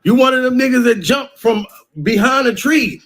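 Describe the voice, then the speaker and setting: A man ranting in a loud, mocking way, often laughing between phrases. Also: extremely high pitch, moderate pace. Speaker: vlogger. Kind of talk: profane rant.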